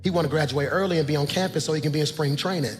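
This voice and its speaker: A man's voice: fairly high pitch, rapid-fire. Preaching man in a reverberant hall. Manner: preaching, swings from soft to shouting. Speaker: pastor. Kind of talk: sermon. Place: church sanctuary. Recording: long hall reverb, faint music.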